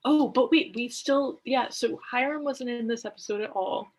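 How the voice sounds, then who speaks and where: A woman's voice: on the high side, normal speed, slightly rough. A woman co-hosting a podcast, chatting casually about a TV episode in a rambling way, full of filler words. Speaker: podcast co-host. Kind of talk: casual TV recap chat.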